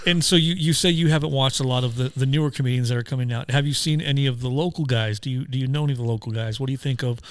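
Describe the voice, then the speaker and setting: A man's voice: mid-range voice, fairly even intonation, rapid-fire, few pauses, clean tone, no room sound. Brief: upbeat male talk-show host, plain studio mic, dry sound. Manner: enthusiastic, asks rambling questions. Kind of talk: casual talk-show hosting. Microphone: studio headphones and mic.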